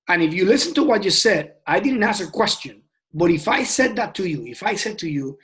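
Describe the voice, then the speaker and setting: A man's voice: high-pitched, expressive, a little fast. A man teaching a sales training session in a casual, passionate way, often repeating words and restarting sentences. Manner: passionate and emphatic.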